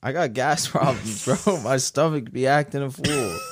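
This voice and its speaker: A young male co-host of a sports podcast whose pitch swings widely as he talks. He jokes around in loose banter with his friends. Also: lively intonation, moderate pace, a little hiss or hum. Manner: joking banter. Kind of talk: casual sports chat.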